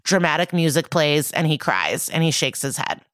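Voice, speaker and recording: A young woman with a slightly low voice chats her way through a TV recap, peppering it with swearing and quoted dialogue. The sound is close and dry, with no room around it. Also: animated, normal speed, a bit bright, dry recording. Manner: swears casually, retells scenes with quoted dialogue. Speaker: podcast co-host. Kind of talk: casual recap chat.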